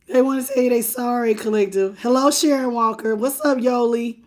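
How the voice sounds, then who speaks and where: Woman tarot reader on a livestream, a bit high-pitched, animated and direct with her viewers. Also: normal speed. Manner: animated, talks straight to the viewer and greets chat by name; repeats phrases for emphasis. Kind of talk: live tarot reading.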